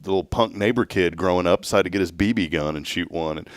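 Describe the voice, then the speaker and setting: A man's voice: sits low, fast talker, no room sound. A man co-hosting a morning talk show, joking and rambling with frequent laughs. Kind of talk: casual chat.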